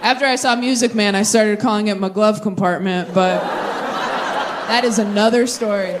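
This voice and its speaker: A young woman doing a stand-up set with crowd work, chatty and animated, drifting into tangents and catching herself. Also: medium pitch, moderate pace, noisy background. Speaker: stand-up comedian. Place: comedy stage before a live audience. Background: audience laughter.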